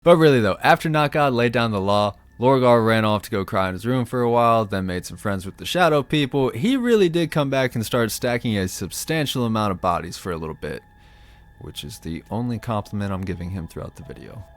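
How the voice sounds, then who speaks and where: A man's voice: fairly low pitch, animated, a little fast, dry recording. A man ranting about fantasy lore in a sarcastic, profane, comedic commentary style.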